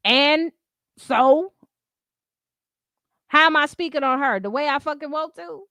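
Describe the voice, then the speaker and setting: Profane, combative woman streamer, high voice. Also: measured pace, bright, forceful tone, no room sound, studio quality. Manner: profane, combative, talks to her chat. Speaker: livestream host. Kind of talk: heated casual commentary.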